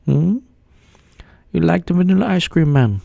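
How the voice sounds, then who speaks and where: A man's voice: fairly high pitch, expressive, moderate pace, vocal fry, dark tone, no echo, studio quality, voice pushed up, exaggerated voice. A man doing an impression of a rambling elderly male president who drawls and ends his lines with "man". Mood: wheedling.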